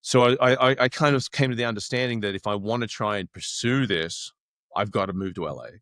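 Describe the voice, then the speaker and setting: Australian man, 50s, low voice, lively raconteur who plays out every quote. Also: fairly quick, dry recording, studio quality. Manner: animated, acts out quoted dialogue. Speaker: actor guest. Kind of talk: casual storytelling.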